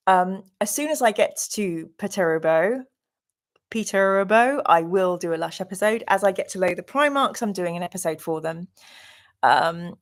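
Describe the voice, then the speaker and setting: A woman hosting a live game stream, gushingly thanking viewers and reading out their comments. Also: medium pitch.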